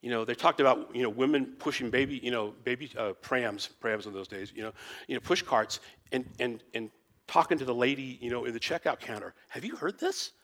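Male Bible teacher, mid-pitched, casual and rambling, lots of fillers and restarts. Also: brisk, a bit bright. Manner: rambling, full of "you know" and restarts. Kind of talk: informal teaching talk.

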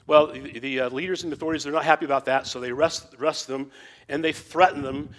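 A man's voice: on the high side, steady tone, fast, a bit bright, slight background noise. Rambling man giving an informal Bible talk. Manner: rambling, full of "you know" and restarts. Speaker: Bible teacher.

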